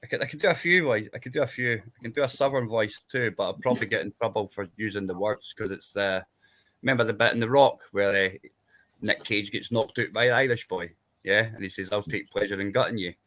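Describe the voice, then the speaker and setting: Bright-voiced Scottish man rambling on. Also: lowish voice, a little fast. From Scotland. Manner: rambling explainer, tag questions like "yeah?". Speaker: panel guest. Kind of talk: casual chat.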